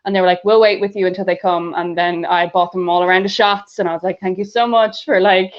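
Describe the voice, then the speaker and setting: A woman's voice: lowish voice, steady tone. Irish woman telling a story, lo-fi. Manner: storytelling, quick, laughs often. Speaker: podcast co-host. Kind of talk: casual comedy chat. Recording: dull lo-fi sound.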